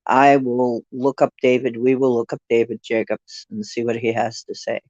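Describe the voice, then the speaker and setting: A woman's voice: a bass voice, little pitch movement, moderate pace, darkish tone, dry recording, dull audio. A woman hosting a casual livestream, musing and rambling while she answers viewer comments. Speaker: livestream host reading viewer chat.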